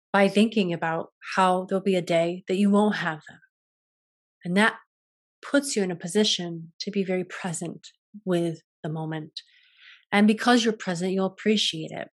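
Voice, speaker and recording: A young adult woman hosting a yoga and wellness talk, speaking in a gentle, contemplative way with frequent restarts. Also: medium pitch. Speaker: yoga and wellness podcast host. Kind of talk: reflective solo talk.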